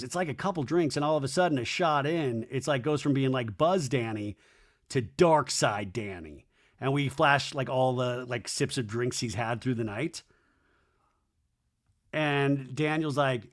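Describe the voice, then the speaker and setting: A man hosting a comedic podcast, recapping a reality show and acting out the cast's lines with big jumps in pitch and loudness. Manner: acts out quotes with big swings in pitch and loudness; excitable, quick asides and restarts. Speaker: podcast host.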